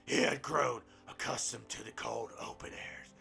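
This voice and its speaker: A man's voice: mid-range voice, fairly even intonation, normal speed, gravelly, pushed and bright, faint music behind. A man reading a book aloud in a game roleplay, breaking off into crude, profane, mocking asides. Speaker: gaming roleplay streamer.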